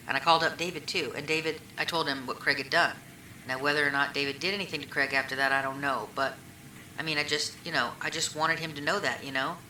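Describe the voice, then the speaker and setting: A woman with a low, bright-edged voice rambles through her answers, stacking up "I mean" and "you know" as she retells who said what. She sounds like an old recording made in an echoey room with a faint hiss behind her. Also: fairly even intonation, fast talker. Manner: rambling, retells conversations, many fillers. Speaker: witness being questioned. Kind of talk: recorded police interview.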